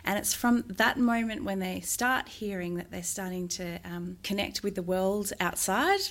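Woman, music therapist, gentle explainer, mid pitch, sing-song demos. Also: unhurried. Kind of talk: interview answers.

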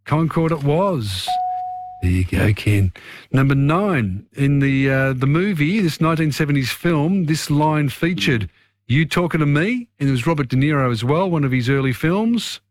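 A man hosting a radio quiz, chatting easily with callers as he reads out the questions. His voice sits a touch high, and the studio sound is close and dry. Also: lively intonation, moderate pace, no room sound. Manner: chatty, takes callers one after another.

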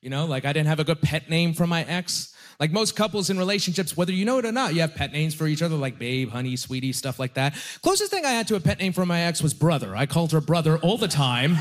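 A man's voice: fairly high pitch, sing-song. Self-mocking male stand-up comedian on stage. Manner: self-deprecating, conversational storytelling with quick asides. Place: comedy stage before a laughing audience.

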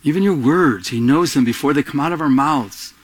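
A middle-aged man preaching a sermon to a congregation, animated and storytelling, calling out to them for responses. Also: fairly high pitch, fairly quick. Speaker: pastor. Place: church before a congregation.

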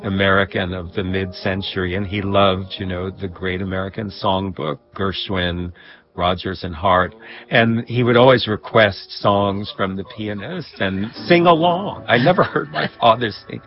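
A man recalling personal memories in a reflective interview, with a husky voice and soft laughs. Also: low-pitched, steady tone, moderate pace, dull audio. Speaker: guest. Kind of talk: reflective storytelling.

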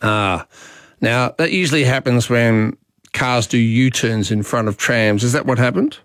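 An Australian man of middle pitch hosting talkback radio, chatty and opinionated as he wanders between topics. He is recorded close on a studio mic, and the sound is dry with no room around it. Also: a little slow, fairly bright tone, no room sound. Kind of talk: talkback radio monologue and calls. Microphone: studio microphone.

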